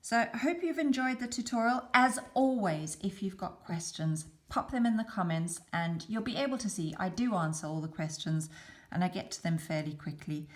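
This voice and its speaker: A woman hosting a beading tutorial, calmly explaining each step as she works. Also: medium pitch, normal speed. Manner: calm, chatty explaining while working. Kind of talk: step-by-step craft demonstration.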